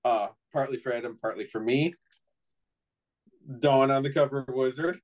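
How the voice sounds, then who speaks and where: A man's voice: medium pitch, normal speed, poor audio. A middle-aged man on a casual chat show, rambling through an anecdote with many restarts. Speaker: co-host.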